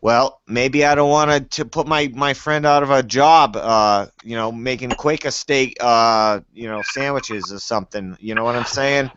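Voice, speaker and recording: A man in his forties with a Boston accent, talking in a loud, joking, crude way on a panel call. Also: medium pitch, moderate pace, few pauses, clean tone, no echo. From New England. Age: 40s. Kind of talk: casual call chat. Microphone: video call. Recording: dull, dry call audio.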